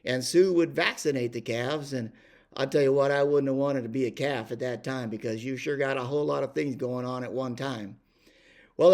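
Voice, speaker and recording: An older man telling a rambling ranch story, full of fillers and restarts. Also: mid-range voice. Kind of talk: casual spoken storytelling.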